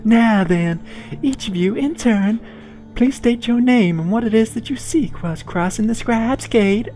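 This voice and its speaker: A man voicing a cold, formal female gate guardian who speaks slowly and stiffly. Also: high voice, darkish tone, faint music behind, pitched above the performer's own voice.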